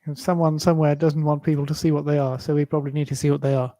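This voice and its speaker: A polite man playing a tabletop game who talks hesitantly and fills his pauses. His voice is fairly high but mellow and soft-edged, recorded close and dry. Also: flat delivery, no echo. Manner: polite, hesitant, with many fillers. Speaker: player. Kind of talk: casual tabletop game talk.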